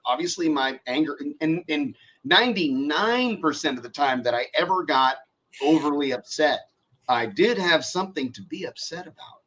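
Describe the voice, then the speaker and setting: A man with a bright, forceful voice that sits a little high for a man. He talks in loose, profane casual chat and keeps acting out angry rants. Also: lively intonation, normal speed, husky, highs cut off. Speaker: shop owner.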